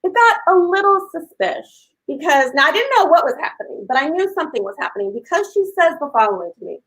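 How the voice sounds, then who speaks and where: A woman in her fifties hosting a casual live stream, gushing and talking loudly to her viewers. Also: high-pitched, animated, fast talker, low-quality recording. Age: 50s. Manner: effusive and gushing, talks loudly.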